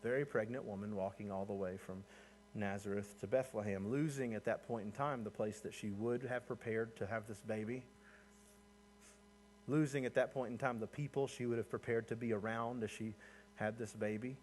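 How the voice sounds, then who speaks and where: A pastor with a steady, darkish voice preaches a sermon at normal speed, over slight background noise. His style is conversational and story-driven, often asking listeners to picture the scene, and his pitch and energy rise as he builds each point.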